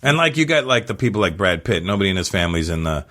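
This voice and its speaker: A middle-aged comedian from Canada, telling profane stories in a casual chat and acting out what people said. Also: male voice, low voice, very animated, a bit bright. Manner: fast, profane storytelling with acted-out quotes. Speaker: comedian guest.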